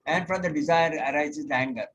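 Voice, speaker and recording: A man teaching a yoga class over a video call, explaining step by step, pausing on "okay", and chanting scripture verses slowly. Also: fairly high pitch, fairly bright tone, highs cut off, slight background noise. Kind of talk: online lecture.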